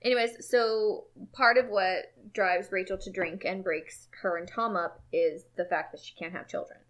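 A woman's voice: medium pitch, fairly even intonation, moderate pace, fairly bright tone. A woman co-hosting a casual chat about a book and its film, talking freely and animatedly and swearing now and then. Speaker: podcast co-host.

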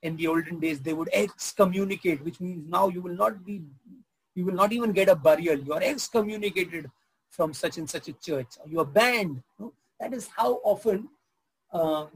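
A man's voice: high voice, husky, rough recording. A man preaching a sermon as pastor, conversational, asking the audience questions and joking. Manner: conversational, asks the audience questions, tells jokes.

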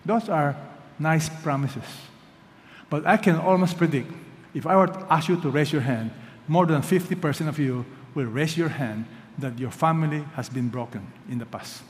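A man preaching in a big church hall, his voice ringing with a long echo. He speaks in a fairly high register and stresses his words, going from loud calls down to hushed lines. He asks the congregation to answer him back. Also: moderate pace. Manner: emphatic, swings between loud calls and hushed lines, prompts the congregation to respond. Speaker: pastor. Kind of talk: sermon. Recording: long reverb of a large hall.

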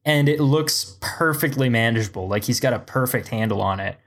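Man, middle voice, puzzled steady questioner, casual podcast chat. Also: medium pitch, fairly quick. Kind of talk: casual movie review chat.

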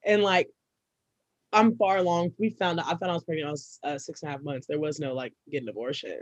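A young woman, a podcast co-host, telling a personal story in casual, profane chat and breaking into loud, laughing outbursts. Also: low voice, quick pace, dry recording.

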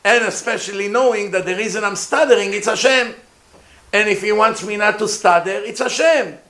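In an echoey room with faint noise, a rabbi teaches Torah informally to a live group. He has a high voice and a brisk pace. He is animated, acts out voices, and puts questions to his listeners.

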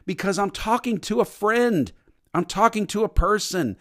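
A man's voice: sits high, normal speed. A man preaching a sermon as pastor, emphatic and repetitive, sometimes mimicking stiff formal prayers.

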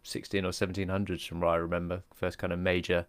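A man's voice: deep voice, level tone, quick pace, smooth, dry recording. A man co-hosting a casual podcast, easygoing and rambling, laughing often. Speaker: podcast co-host.

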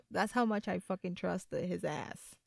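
Animated, profane woman telling a story. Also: lowish voice, slow, vocal fry. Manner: animated, profane, laughs often. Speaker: podcast co-host. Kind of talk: casual storytelling chat.

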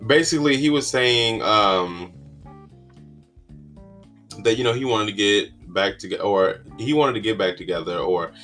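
A man talks through a casual solo podcast in a lowish voice, drifting from thought to thought with plenty of fillers and sudden exclamations. Soft guitar music plays faintly behind him. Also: unhurried, long pauses. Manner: rambling, chatty, with many fillers and exclamations. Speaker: podcast host.

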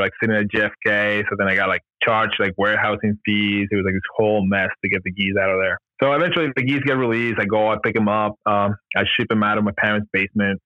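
A man with a fairly low voice tells a long story as a podcast guest, filling it with "like" and "you know" and chuckling along the way. The sound is dry and close, with a slightly dull, muffled tone. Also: no room sound. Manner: rambling, heavy use of "like" and "you know", laughs often. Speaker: podcast guest, gear company founder. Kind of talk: casual storytelling in an interview.

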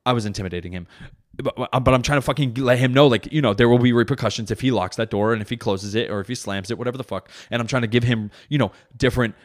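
A man's voice: mid-range voice, fast. A comedian and podcast host, a father, telling a rambling story in casual, profane, self-correcting chat.

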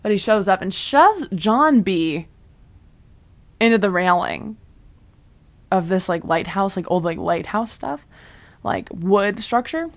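A woman's voice: mid-range voice, expressive, slow pace, pauses often. Chatty young woman recapping a show. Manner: chatty, lots of fillers and asides. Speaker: vlogger.

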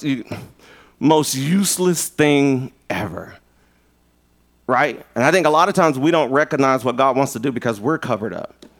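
A man preaching a lively live sermon as pastor, playful and animated, acting out little voices and jokes. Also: medium pitch.

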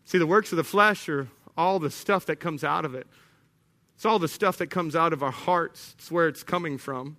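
Guy preaching, chatty and animated, bright slightly high voice. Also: normal speed. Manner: conversational, animated, acts out little scenes. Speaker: pastor. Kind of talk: sermon.

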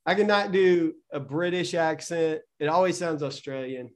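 A man's voice: on the high side, normal speed. A man from the Southern United States, co-hosting a casual faith podcast chat with a wry, joking manner. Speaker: podcast co-host, churchgoer.

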